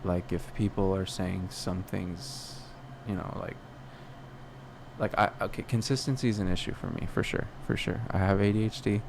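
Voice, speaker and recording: A man's voice: low voice, fairly even intonation, normal speed, gravelly, noisy background. A young man talking alone on a podcast in a rambling, self-questioning way, full of restarts and fillers. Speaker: podcast host. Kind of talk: personal reflective monologue.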